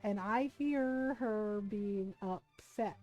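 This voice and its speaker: A woman streamer chatting casually while gaming, telling an animated, profane story with frequent laughter. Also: medium pitch, very slow, muffled recording, soft background music.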